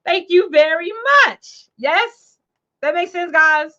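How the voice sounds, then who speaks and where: A woman from Chicago hosting a casual livestream show, talking in an animated, chatty way and repeating her phrases. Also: very high voice, slow pace, dull audio. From Chicago, USA. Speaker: show host and financial coach.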